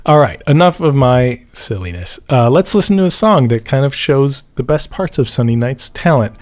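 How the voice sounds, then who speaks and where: A male host talking through old records in a relaxed, chatty manner. His asides are wry and playful, and his pitch and pace sit in an ordinary middle range. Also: normal speed. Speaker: radio show host. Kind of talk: casual music show presenting.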